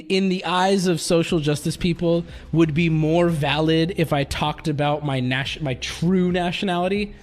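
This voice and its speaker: High-voiced rambling male streamer. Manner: rambling, profane, laughing often. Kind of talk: casual stream chat.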